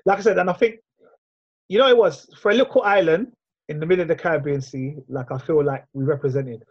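A man's voice: fairly high pitch, fast, slightly rough, lo-fi sound. A young man hosting a casual chat, telling stories with lots of slang. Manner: animated storytelling, London slang. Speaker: podcast host.

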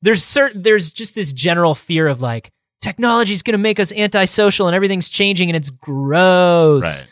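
Podcast co-host, male, higher pitch, chatty and playful, dry close mic. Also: animated, a bit bright, no echo. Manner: chatty, fast bursts, lots of "like" fillers, playful asides. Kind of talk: casual chat.

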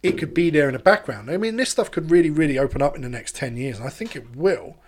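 A man hosts a casual podcast chat in a slightly high voice. He tells his stories with animated energy and plenty of swearing. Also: quick pace. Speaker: podcast host.

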